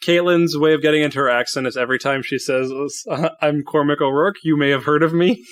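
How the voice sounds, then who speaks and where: A man as game master, running a tabletop game with a relaxed, joking manner. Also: on the high side, fast talker, no room sound.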